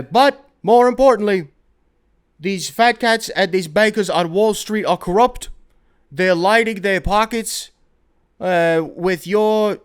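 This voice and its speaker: A fired-up old politician , as a man plays him, preaching in a loud, slow, drawn-out stump-speech voice, pitched well above a plain man's talk. He leans hard on every point. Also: clean tone. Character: older male politician turned basketball commissioner, ranting.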